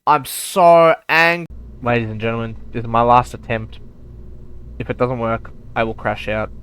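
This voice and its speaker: A man's voice: mid-range voice, monotone, normal speed, a bit bright, smooth. A man giving live commentary over a space game, talking straight to his viewers, by turns muttering and exclaiming in exasperation. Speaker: gaming YouTuber.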